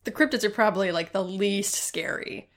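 A woman's voice: mid-range voice, moderate pace. A woman co-hosting a comedy podcast, chatting casually and asking dry, wry questions. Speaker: podcast co-host.

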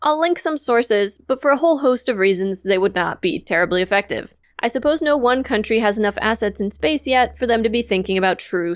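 A woman's voice: mid-range voice, no echo, clean studio sound. A woman co-hosting a podcast, casually explaining her research with light humor. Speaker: podcast co-host. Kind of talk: casual chat presenting research.

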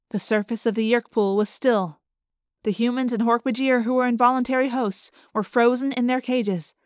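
A woman narrating an audiobook in the first person, vivid and expressive. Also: on the high side, no room sound, clean studio sound.

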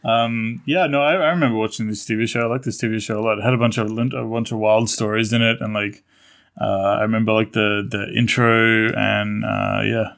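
A man's voice: lowish voice, fairly even intonation, a little fast, creaky, a bit bright. A man co-hosting a casual podcast, rambling hesitantly between many fillers. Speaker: podcast co-host.

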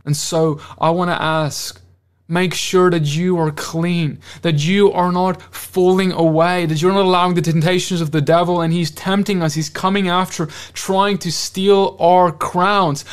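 Male preacher, high-pitched, fervent and insistent, heavy on rhetorical questions, closes in prayer. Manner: ends in spoken prayer. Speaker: conference speaker. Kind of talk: sermon.

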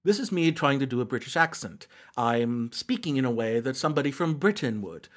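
A man doing a deliberately bad British accent. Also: medium pitch, animated, voice pushed down, natural voice. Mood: mock-proper.

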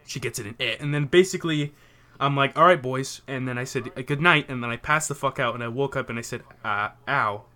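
A young man telling a story in casual chat, animated and swearing freely. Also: mid-range voice, fast talker.

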